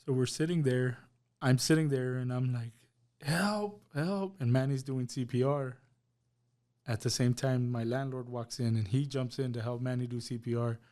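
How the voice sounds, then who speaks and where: Speaking at normal speed in a level, dark mid-range voice, a man appears as a guest on a podcast. His testimony concerns a loss, told emotionally, with each person's words acted out.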